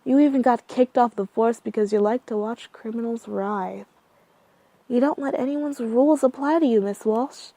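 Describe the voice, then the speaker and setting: A woman voicing a calm, polite man who is quietly threatening on the phone, in a horror story. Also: on the high side, moderate pace, no room sound. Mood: calm menace. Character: calm menacing male corporate caller.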